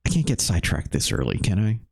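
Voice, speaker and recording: A man in his thirties streaming a retro game, chatting with viewers in a loose, animated way and swearing casually. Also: fairly low pitch, quick pace, husky. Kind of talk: live game stream chat.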